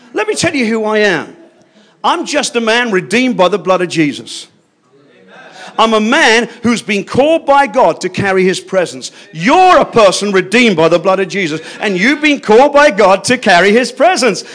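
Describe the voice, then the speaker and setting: Older man, preacher, fervent sermon, high voice, very animated pitch. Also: normal speed. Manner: fervent, swings between hushed asides and loud declarations.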